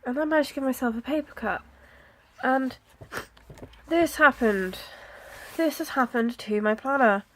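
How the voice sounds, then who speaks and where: A woman, chatting casually about her planner, with soft, self-deprecating asides and frequent fillers. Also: high voice, unhurried, a little hiss or hum. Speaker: planner vlogger. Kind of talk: casual chat.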